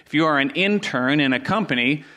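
An earnest middle-aged man preaching to his congregation, his voice sitting a little high for a man. He repeats key phrases and swings from loud emphasis down to quiet, hushed asides. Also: expressive, fairly quick. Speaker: pastor. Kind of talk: sermon.

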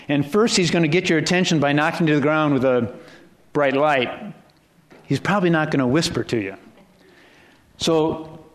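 A middle-aged man preaching a sermon in a conversational way, often restarting phrases and adding asides. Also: on the high side.

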